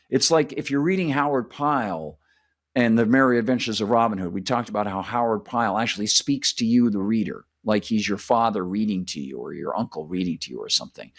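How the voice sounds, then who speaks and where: A man hosting a casual book talk, enthusiastic and rambling, often restarting his sentences. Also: medium pitch. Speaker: channel host, former writing fellow.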